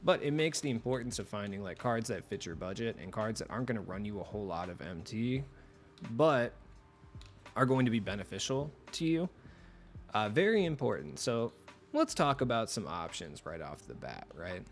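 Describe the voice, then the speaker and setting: A man's voice: fairly low pitch, sing-song, moderate pace, soft background music. A young man hosting a gaming video, talking loosely and casually with asides and fillers. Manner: joking opener in a mock radio voice, then loose rambling talk. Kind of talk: casual commentary.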